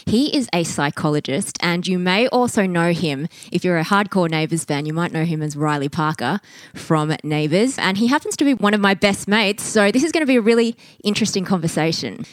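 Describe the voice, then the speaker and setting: A woman's voice: lowish voice, animated, a little fast, no echo, studio quality. A woman, hosting a podcast in an upbeat, chatty way and laughing often. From Australia. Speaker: podcast host and coach. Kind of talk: casual interview chat.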